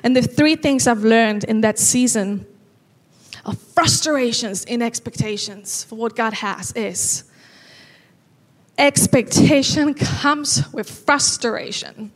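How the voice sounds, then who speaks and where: A woman preaching a sermon with earnest conviction. Her voice sits a little high, and she slows right down to lean on the lines that matter most. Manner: earnest, slow and emphatic on key lines.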